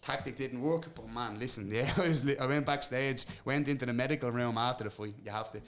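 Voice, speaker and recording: A man's voice: mid-range voice, fairly bright tone. A young Irish man, a podcast guest who tells fight stories in casual chat, swearing freely and acting out quotes. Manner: fast, swearing storytelling with acted quotes.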